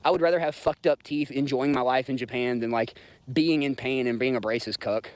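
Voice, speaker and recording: Clear and resonant, a medium-pitched male voice moves briskly through a casual livestream rant. The speaker, in his 30s with a Southern US accent, talks bluntly and profanely to his chat, rambling as he goes.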